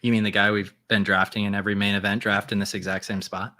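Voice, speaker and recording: A man's voice: lowish voice, flat delivery, quick pace, pushed and bright. A man co-hosting a casual fantasy football live stream, joking and teasing his partner as they talk through the picks.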